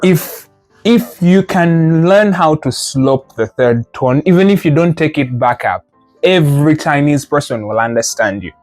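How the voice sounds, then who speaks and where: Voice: mid-range voice, animated, a little slow, a little mellow. Patient language teacher, group lesson, corrects with repeated no's, faint music behind. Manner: models sounds, then explains with playful imagery. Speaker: Mandarin teacher. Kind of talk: live group lesson drilling tones.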